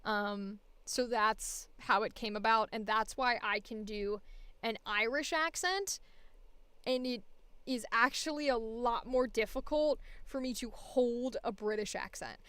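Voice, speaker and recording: Chatty woman streamer, smooth clear voice. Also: fairly high pitch, unhurried, pushed and bright, no echo. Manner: rambling, many fillers and restarts. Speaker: voice actor streamer. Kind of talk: casual livestream chat.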